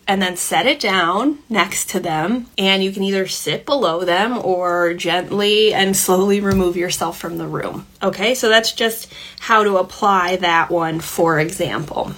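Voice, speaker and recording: A woman's voice: medium pitch, fairly bright tone. Chatty woman podcast host with light laughs. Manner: chatty, often checks in with "okay?" and "right?"; acts out quick voices of kids and parents. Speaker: podcast host, parenting coach. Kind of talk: casual solo podcast teaching.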